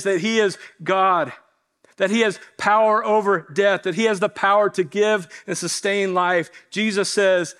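Male pastor, fairly high voice, earnest sermon delivery that slows to land each point. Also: fairly bright tone. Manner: earnest, slows down to stress key lines.

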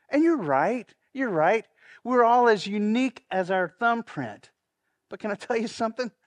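A man's voice: sits high, no echo, studio quality. A man preaching a sermon as pastor, earnest, leading the congregation in repeating lines. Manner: earnest, leads congregation in call-and-response.

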